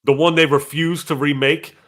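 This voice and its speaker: A man chatting casually on a podcast and telling animated stories, with a father's everyday voice. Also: on the high side, moderate pace. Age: adult with a child. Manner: animated storytelling, acts out strangers' lines. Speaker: co-host reading super chats.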